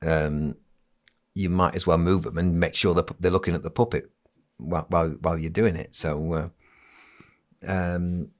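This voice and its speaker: A man's voice: sits low, little pitch movement, moderate pace, pauses often. A middle-aged man, a ventriloquist, chatting casually in an interview with many restarts. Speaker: ventriloquist and entertainer, guest.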